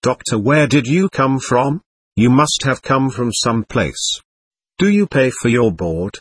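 A man's voice: medium pitch, lively intonation, measured pace, slightly rough, no echo, studio quality. A man reading the part of a doctor who questions spirits in a firm, patient manner, in an audiobook. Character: calm, firm male doctor guiding spirits.

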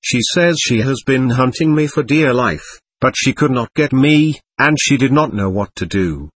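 A man reading aloud the words of a lost, lonely, childlike girl spirit from a séance record, in a plain, steady way. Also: medium pitch, moderate pace, slightly rough, no room sound. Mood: wistful.

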